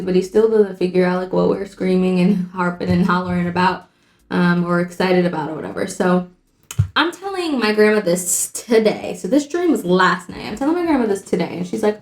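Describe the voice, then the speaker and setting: A young woman makeup vlogger tells a story while doing her makeup, rambling casually and chatting with lots of "like." Her mid-range voice is darkish, with fairly even intonation and normal speed, recorded in an echoey room with faint music.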